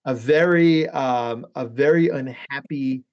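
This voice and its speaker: A man's voice: mid-range voice, slow, lo-fi sound. A man who is a guest therapist on a podcast, telling long rambling stories in a casual chat, swearing freely and saying "like" and "right?" a lot.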